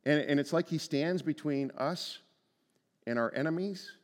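Male pastor, earnest sermon voice, higher-pitched, swings between hushed and emphatic, long church reverb. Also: unhurried. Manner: earnest, swings from hushed to emphatic, repeats words when starting. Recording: long reverb from a large room.

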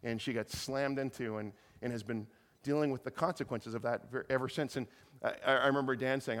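A man preaching a sermon in a relaxed, conversational way, often restarting his sentences. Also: mid-range voice, big-room sound. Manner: conversational, halting with many restarts. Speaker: pastor. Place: church meeting room.

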